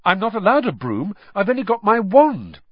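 A man doing a higher-pitched anxious teenage boy. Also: wildly swooping pitch, normal speed, husky, no echo, full character voice. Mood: earnest. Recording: muffled lo-fi recording.

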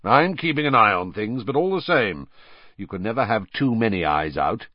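A gruff, scarred old wizard growls his words with a wary edge, as a storyteller puts him on. The voice sits low, and the dull recording sounds close and dry. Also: animated, normal speed, dry recording.

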